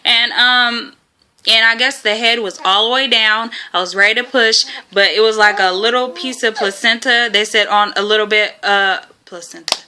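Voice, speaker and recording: Bright-voiced young woman telling a story. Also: fairly high pitch, steady tone, normal speed, clear, resonant tone. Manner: rambling, many fillers, laughs often. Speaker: vlogger. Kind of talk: casual storytelling to camera.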